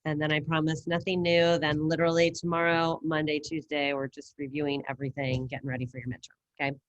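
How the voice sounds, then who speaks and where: Teaching Spanish online, a woman quizzes her students in a casual, upbeat manner via a computer mic on a video call. She talks fast in a low voice with little pitch movement. The recording is dry and dull.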